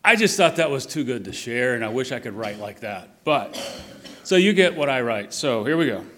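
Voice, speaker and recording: A middle-aged man preaching an Easter sermon, with slow, emphatic repetition and quiet, falling line endings. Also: medium pitch, big pitch swings.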